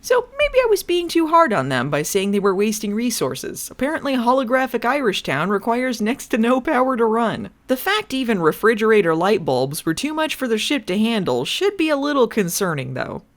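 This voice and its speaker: A woman narrates a comedic recap of a TV episode with a sarcastic, irreverent edge. Her voice sits fairly high and swings widely in pitch. She swears casually and mocks what she describes. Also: big pitch swings, brisk, hardly any pauses. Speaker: recap commentator.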